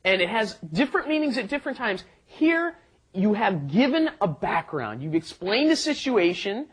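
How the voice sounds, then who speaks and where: A man's voice: high-pitched, very animated, normal speed, slightly rough. A man co-hosting a casual language lesson, explaining grammar with acted examples. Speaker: co-host teacher.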